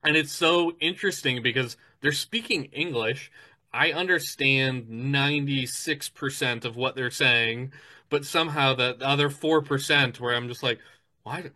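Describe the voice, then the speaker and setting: Bright-voiced rambling man chatting. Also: medium pitch, moderate pace. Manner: rambling storyteller, lots of "like" and restarts. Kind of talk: casual chat.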